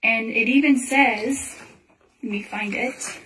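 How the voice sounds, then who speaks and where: A woman's voice: a little high, fairly even intonation, slow pace, fairly bright tone. A young woman earnestly telling a personal religious dream in a casual, rambling way, full of filler words. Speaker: Christian testimony speaker. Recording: voice a little far from the mic.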